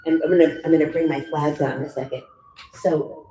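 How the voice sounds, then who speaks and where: A woman's voice: low voice, animated, normal speed, pauses often, mellow, soft background music. A middle-aged woman vocal coach giving a chatty, demonstrative workshop talk. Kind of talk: workshop teaching. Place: club workshop room. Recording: roomy echo, faint room noise.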